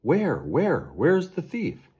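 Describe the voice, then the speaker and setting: Eager human kid, read by a man; excitable, chatty, pitched up high. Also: takes it slowly, slightly rough, heavily acted. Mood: startled. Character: eager, friendly human boy.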